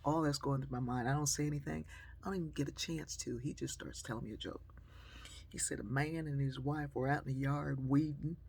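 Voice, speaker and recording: A woman storyteller at home, lively and expressive, with a husky voice. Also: very deep voice, brisk. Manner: animated, shifting between loud and hushed. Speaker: storyteller and speaker. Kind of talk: personal storytelling monologue. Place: at home by a sewing machine.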